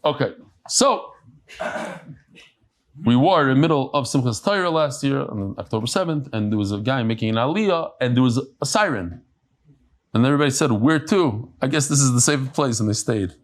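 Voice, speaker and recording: Animated rabbi teaching Talmud. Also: male voice, mid-range voice, brisk. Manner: animated, chatty explanations with asides. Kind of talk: daf yomi lecture to a live class. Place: study hall with a live audience.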